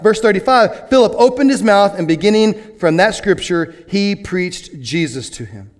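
A pastor preaching a sermon in an animated way, moving from hushed asides to excited bursts. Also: male voice, high-pitched, moderate pace, few pauses.

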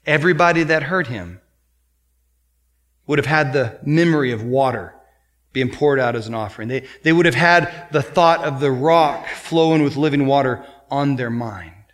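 A man preaching a sermon, emphatic, swinging between loud exhortation and quiet explanation. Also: medium pitch, moderate pace. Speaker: pastor.

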